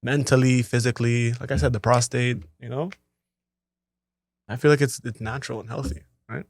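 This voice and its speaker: A man's voice: mid-range voice, steady tone, normal speed, no room sound. A man co-hosting a casual podcast chat, slangy and laid-back, laughing often. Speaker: podcast co-host.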